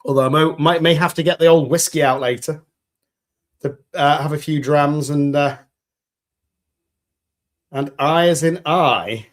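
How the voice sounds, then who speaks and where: Here a British man with a slightly high voice takes his time, leaving long pauses as he talks. He's hosting a resin crafting livestream, going through viewer comments with easygoing, upbeat humor.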